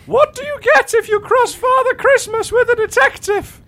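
A man doing a comic impression of a chirpy, prim female film actress in a high falsetto. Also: normal speed, creaky, bright, forceful tone, full character voice. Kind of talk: comic impression in casual chat.

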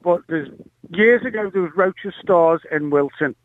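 High-voiced caller on a phone line. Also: male voice, unhurried. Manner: animated, acts out voices. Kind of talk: phone-in storytelling.

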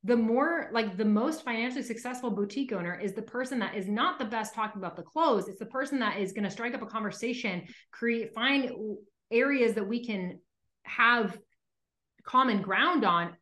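A woman hosting a podcast in casual chat. She talks in a chatty way, uses lots of filler "like"s and acts out quick examples. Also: on the high side, animated, fairly bright tone. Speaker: podcast host. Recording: roomy echo.

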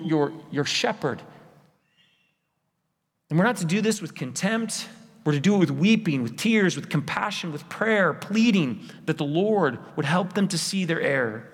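With a husky, slightly high voice, a pastor delivers a sermon in a church sanctuary, his tone earnest and pleading as he repeats rhetorical lists. Long reverb from the church hall fills the recording.

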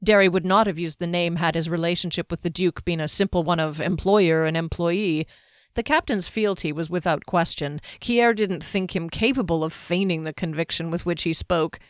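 Low-voiced woman narrating an audiobook. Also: moderate pace, clear, resonant tone, no echo, clean studio sound.

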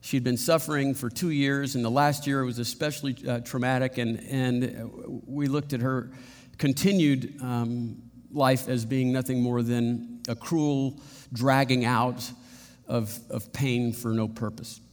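A middle-aged man preaching in a reverberant church hall, his words carried by a long echo. He speaks in an earnest, halting way, often restarting his sentences. His pitch sits in an ordinary middle range for a man. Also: little pitch movement. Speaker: pastor. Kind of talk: sermon.

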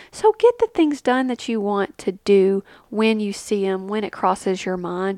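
A woman in her thirties, a mother, chatting casually in a vlog and giving tips with an animated, storytelling manner. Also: no echo. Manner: chatty, animated, acts out quotes with big pitch jumps. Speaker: family travel vlogger, mother.

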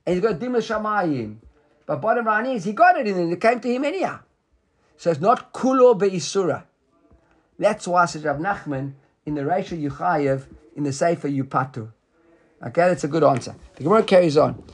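A man leads a Talmud study session with a slightly higher voice. He explains each step with animation, slipping into the rabbis' lines as he reads them, and checks in with a student as he goes. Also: moderate pace, breathy edge. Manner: lively explaining, acts out the rabbis' words, quizzes a student. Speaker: Talmud teacher. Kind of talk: explaining a text in a study class.

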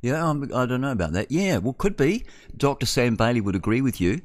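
A man's voice: medium pitch, sing-song, fairly quick, no room sound, studio quality. Chatty New Zealand male radio host. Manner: rambling, chatty, with filler sounds. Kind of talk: casual talk radio.

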